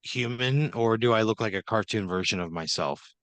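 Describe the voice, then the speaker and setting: A man's voice: lowish voice, moderate pace, fairly bright tone, no echo. A man co-hosting a podcast, reacting with exasperated, profane questions during improvised comedy. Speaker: podcast co-host.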